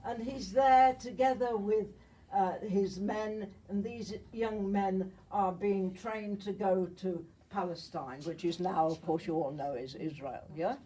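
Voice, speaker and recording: An older woman from Germany gives a slide talk to an audience, with a husky, slightly breathy voice and the thickness of a cold. She speaks in a chatty way and often checks in with her listeners. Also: mid-range voice, fairly even intonation, a little slow, mellow, far from the mic, low-quality recording. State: has a cold. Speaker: Holocaust survivor speaker.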